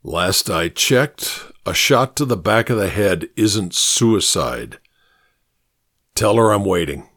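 A man voicing a menacing thin gunman who speaks in a low, deliberate voice. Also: lively intonation, creaky, no echo, clean studio sound, exaggerated voice.

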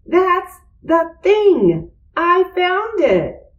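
A woman's voice: a little high, lively intonation, takes it slowly, darkish tone, echoey room, distant mic, highs cut off, voice pushed up. Eager pleading young boy, as a woman puts him on.

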